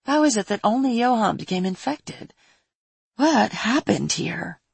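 A woman's voice: medium pitch, lively intonation, a little slow, gravelly, husky, no room sound, pitched above the performer's own voice, heavily acted. A woman reading a storybook voices a powerful female mage who speaks in a serious, direct way.

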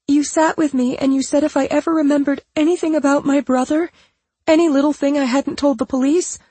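A woman's voice: very high voice, no echo, voice pushed up. A woman voicing a scheming young woman who fakes terror on a phone call, speaking in a shaky, quavering, pleading voice. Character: scheming young woman faking terrified sobs.

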